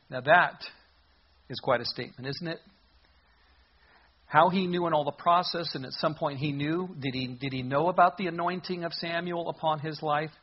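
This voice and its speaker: A man's voice: a little high, husky, dull audio. A man preaching as a pastor, reading Bible verses aloud and explaining them in an emphatic, conversational way. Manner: reads scripture aloud then comments conversationally, emphatic. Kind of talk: expository Bible teaching.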